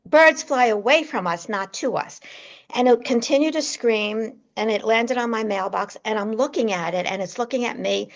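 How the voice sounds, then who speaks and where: A gravelly-voiced woman, a guest medium on a podcast, tells her stories with animation and leaps up in pitch at the big moments. Her voice has some fry, and the remote recording sounds dull and lo-fi. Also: normal speed. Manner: animated storyteller, voice jumps high when reliving moments. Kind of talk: storytelling in a podcast interview.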